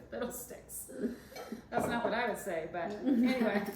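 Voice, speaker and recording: A woman's voice: a little high, expressive, a little slow. Woman co-host, casual and giggly, rambling talk; echoey, noisy recording. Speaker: podcast co-host, dentist. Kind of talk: casual chat while mixing a cocktail. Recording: echoey room with background noise.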